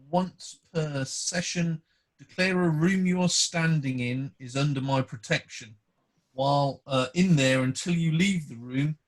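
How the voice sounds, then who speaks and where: A polite man playing a tabletop role-playing game and reading the rules aloud. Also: mid-range voice. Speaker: player.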